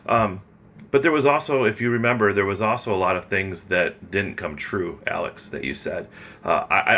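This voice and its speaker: A man's voice: low voice, sharp tone, slight background noise. A man talking straight to camera in a casual, earnest vlog monologue, rambling with many ums and restarts and addressing his listener directly. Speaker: vlogger.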